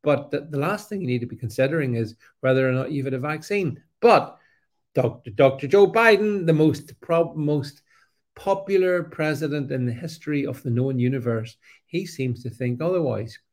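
A man talks straight to his viewers in a loose, unscripted monologue. He stops and restarts often and leans into sarcasm. His voice sits at an ordinary middle pitch. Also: darkish tone. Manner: halting, many fillers and restarts, sarcastic. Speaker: political commentator. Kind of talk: casual opinion monologue.

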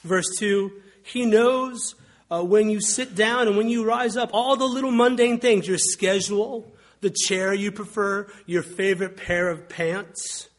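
A man's voice: high voice, steady tone, a little slow. A man preaching a sermon as a pastor, telling wry stories in a conversational way. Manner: conversational, wry storytelling with mimicked quotes.

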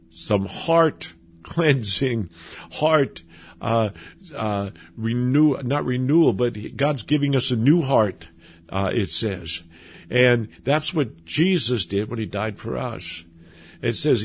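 A male pastor from Minnesota delivers a sermon in a relaxed, conversational way. His voice is gravelly and husky, with a rough fry at the ends of phrases. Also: medium pitch. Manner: conversational preaching with restarts and chuckles.

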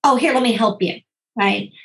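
A middle-aged woman, a physician and parenting author, answering interview questions in rapid bursts that slow for emphasis, often acting out quoted voices with big pitch jumps. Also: gravelly, poor audio.

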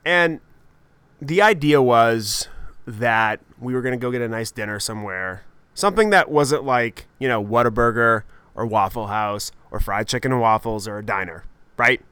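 Man, podcast host, comic storytelling, profane, self-mocking, bright, crisp. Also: mid-range voice, moderate pace, no room sound. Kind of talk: comedic storytelling monologue.

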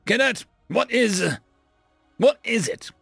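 A man's voice: very high voice, expressive, takes it slowly, vocal fry, a bit bright, breathy edge, no echo, faint music behind, voice pushed up, full character voice. A man voicing a stern, greedy male squad leader who speaks in curt, snapping commands. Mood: commanding.

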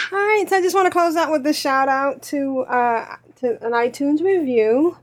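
A woman hosting a gaming podcast in casual chat, upbeat and quick to laugh, reading listener reviews. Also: high-pitched. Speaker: podcast host. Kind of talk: casual chat, running the show.

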